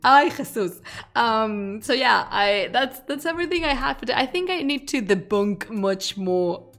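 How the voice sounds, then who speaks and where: A woman's voice: on the high side, lively intonation, moderate pace, fairly bright tone, faint music behind. Chatty woman streamer. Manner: chatty and laughing, with frequent restarts and fillers. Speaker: streamer, history channel host. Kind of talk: casual live-stream chat to viewers.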